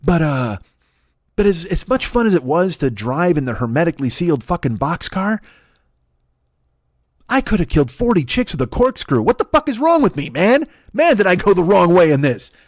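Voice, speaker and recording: A man voicing an indignant dead pope, outraged and swearing, his voice pushed high. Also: sing-song, normal speed, no room sound, clean studio sound.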